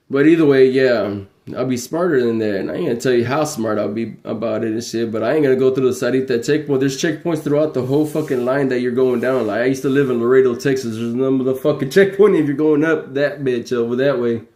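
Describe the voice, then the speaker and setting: A livestream host rambles fast with hardly any pauses, swearing constantly and laughing between heated stories in a profane, animated way. His voice is mid-range, and the sound is roomy.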